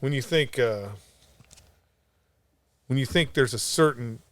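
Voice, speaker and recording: With a medium-pitched voice and a slow pace, a man recounts a story as co-host of a casual podcast. His telling is animated, rambling, and full of swearing.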